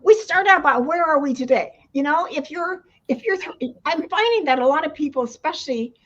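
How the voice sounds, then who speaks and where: High-voiced older woman, muffled sound. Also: lively intonation, fairly quick. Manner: rambling, many restarts, laughs often. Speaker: retirement coach. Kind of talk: casual interview talk. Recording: dull lo-fi sound.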